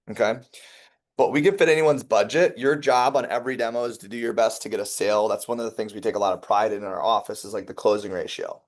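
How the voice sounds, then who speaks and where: A man giving a lively sales training talk, telling stories and checking in with the room. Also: fairly low pitch. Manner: energetic, conversational, checks in with listeners.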